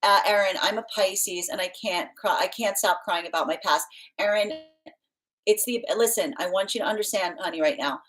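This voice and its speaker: A woman's voice: medium pitch, normal speed, low-quality recording. Chatty woman hosting a tarot livestream. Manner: chatty and animated, laughs often, reads out viewer comments; motherly, playfully stern. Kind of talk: casual livestream chat.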